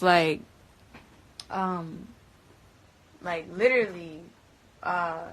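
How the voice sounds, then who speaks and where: A woman's voice: medium pitch, moderate pace, a little hiss or hum. A young adult woman casually recounting a story in slangy, profane, rambling speech full of fillers.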